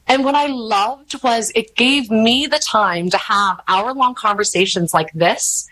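A rambling woman in her thirties with a drawl, chatting openly as an interview guest. She tells stories in a lively way and jumps into the voices of the people she quotes. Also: a little high, measured pace, few pauses, poor audio. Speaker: podcast host, interview guest. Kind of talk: candid conversational storytelling.

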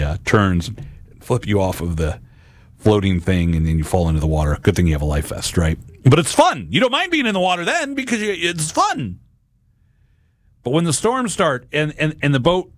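A man's voice: medium pitch, no echo. A man in his forties giving an earnest, conversational reflection on the gospel, often repeating words as he talks.

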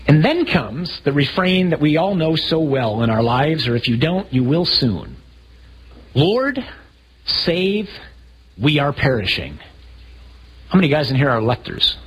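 A priest giving a sermon to a group of men, animated, asking rhetorical questions and acting out the scene he describes. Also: on the high side, a little hiss or hum, poor audio. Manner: acts out scenes vividly.

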